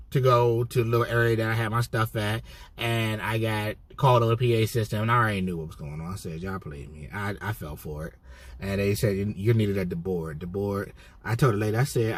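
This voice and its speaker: A man vlogging a casual storytime, telling it in a heated, profane way with animated bursts. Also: on the low side, slightly rough, no room sound. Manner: cheerful put-on customer-service voice when mimicking himself.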